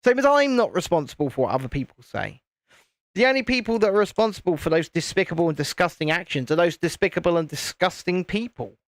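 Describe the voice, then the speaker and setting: A man hosts a relaxed live stream and chats while he builds. He rambles, restarts his sentences and wanders off topic. His voice sits a little high for a man and sounds dry and close, with no room echo. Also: fast. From United Kingdom. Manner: rambling, self-interrupting, chatty. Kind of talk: casual chat while building a set.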